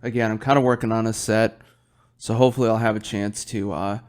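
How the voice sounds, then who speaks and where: A man's voice: on the low side, steady tone, fast, darkish tone. Rambling, cursing male podcast host. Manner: rambling, swears often, yawning. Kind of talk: casual solo chat while drinking beer.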